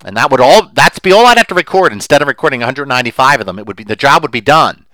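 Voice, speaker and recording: A middle-aged man talks on his own podcast with a bright, forward voice. His pitch swings widely as he presses his points, full of asides and restarts. The sound is dry and close, with no room behind him. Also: very fast, dry recording, rough recording. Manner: animated and emphatic, gets worked up. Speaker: podcast host. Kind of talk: opinionated solo podcast monologue.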